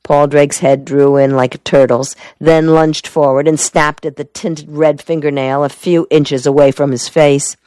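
A woman narrating a crime novel in a measured storytelling manner. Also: low-pitched, little pitch movement, dark tone, no echo. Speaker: audiobook narrator. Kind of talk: scripted narration.

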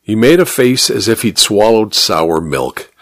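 A man reading a first-person detective novel aloud, in a measured, wry storytelling manner. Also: lowish voice, very animated, dry recording. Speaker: audiobook narrator.

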